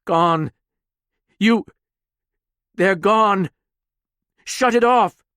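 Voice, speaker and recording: A man's voice: high voice, slow, bright, forceful tone, clear, resonant tone, dry recording, clean studio sound, pitched above the performer's own voice, heavily acted. A man voicing a terrified young woman telepath who pleads and breaks down into screams in an audiobook. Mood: hysterical.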